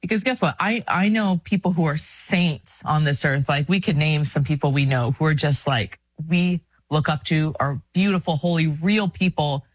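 A woman's voice: low-pitched, moderate pace, hardly any pauses, no room sound. Earnest, chatty woman co-host, dry close sound. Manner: earnest, chatty, animated with laughs. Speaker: podcast co-host. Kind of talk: casual faith talk.

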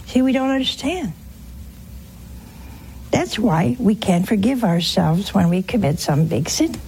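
A woman's voice: medium pitch, lively intonation, a little slow, vocal fry, pauses often, dark tone, slight background noise, rough recording. A woman giving a folksy, wry sermon-style teaching on air, speaking straight to her listeners. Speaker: religious broadcaster.

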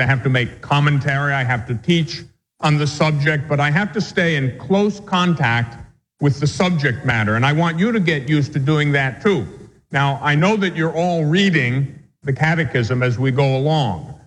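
A man teaching catechism as a priest, his voice set a little high for a man. He moves between reading definitions aloud and commenting on them with plain, homely examples. The sound carries a long hall reverb. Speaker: Catholic priest teaching a class. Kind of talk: catechism class lecture.

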